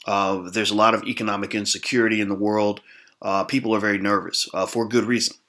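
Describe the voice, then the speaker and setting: A man's voice: on the low side, level tone, quick pace, pushed and bright. An American man hosting his channel, chatting casually to camera, rambling with lots of "uh" and "um" and restarts. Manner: rambling with many fillers and restarts. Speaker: host.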